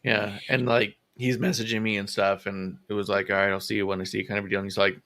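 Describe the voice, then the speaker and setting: A man's voice: on the low side, level tone, quick pace, pushed and bright. A man co-hosting a wrestling podcast, telling casual, profane anecdotes in a laid-back way. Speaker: podcast co-host.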